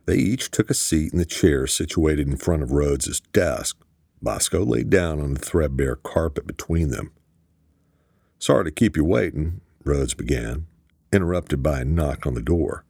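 A man narrating a thriller audiobook in a steady storytelling manner. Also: extremely low pitch, normal speed, gravelly, slightly rough, dry recording, studio quality.

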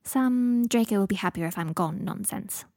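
A woman voicing a sharp-tongued young woman who scolds her friend with blunt, teasing bossiness. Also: medium pitch, moderate pace, gravelly, dry recording, clean studio sound.

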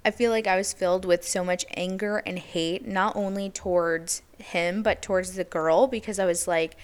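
A woman's voice: lowish voice, steady tone, moderate pace, clear, resonant tone. Chatty young woman telling a personal story. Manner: candid, chatty, heavy use of "like". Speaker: podcast host.

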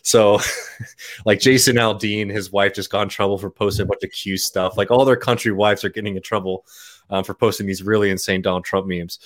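A man with a low-pitched voice chats casually on a podcast. He tells a long, rambling story, leaning on "um" and "uh" and breaking into easy laughter. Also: steady tone, fairly quick. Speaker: podcast guest. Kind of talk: casual chat.

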